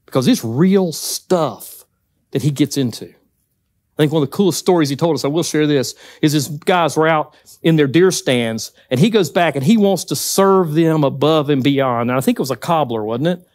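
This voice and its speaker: A man preaching a sermon, telling stories with lively acted-out quotes. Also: a little high, normal speed, no room sound. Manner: animated storytelling, acts out quotes. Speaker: pastor.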